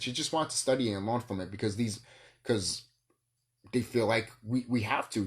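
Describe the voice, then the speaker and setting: A man vlogging in a rambling solo monologue, ranting and swearing, with bursts of laughter. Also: mid-range voice.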